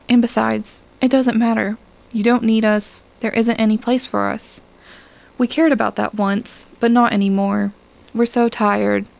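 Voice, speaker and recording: A resigned young alien woman of a vanishing people, read by a woman narrator. She speaks in quiet, formal, measured sentences with a faintly gravelly texture, as in a science fiction audiobook. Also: fairly high pitch. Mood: weary. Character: weary young alien woman of a dying race. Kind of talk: audiobook character reading.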